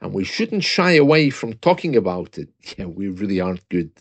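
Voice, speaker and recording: A man's voice: sits low, sing-song, moderate pace, dry recording. A British man talking casually and reading a news report aloud, chatty and self-mocking, with asides and small laughs. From Britain.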